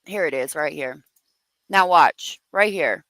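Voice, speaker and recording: A woman's voice: low-pitched, slow, fairly bright tone, no echo, rough recording. A woman hosting a true crime commentary show, talking off the cuff in a profane, exasperated rant.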